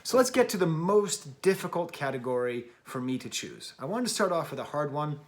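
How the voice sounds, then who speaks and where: A man's voice: a little high, lively intonation, brisk. A middle-aged man hosting his own music review show, talking casually and unscripted, chatty and self-deprecating with frequent ums and restarts. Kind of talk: casual unscripted video talk.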